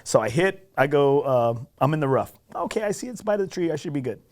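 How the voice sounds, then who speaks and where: A man recounts a golf episode on a podcast, his voice on the high side and his delivery fairly quick. He stays casual and lively, makes fun of himself, and often checks in with "right?".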